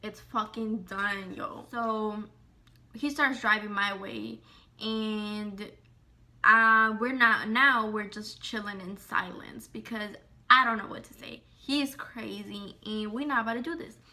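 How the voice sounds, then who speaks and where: A young woman telling a personal story in a casual vlog, animated and slangy, full of "like" and swearing. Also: mid-range voice, slow pace.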